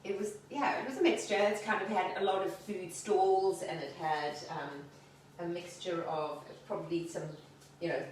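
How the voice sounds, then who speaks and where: Woman rambling chattily while she cooks, sounds far off the mic in a boomy kitchen. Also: fairly even intonation, normal speed, slight background noise. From South Africa. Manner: chatty, rambling, laughs easily. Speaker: home cook hosting a cooking video. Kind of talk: casual cooking demonstration and chat. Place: home kitchen. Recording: echoey room, voice away from the mic.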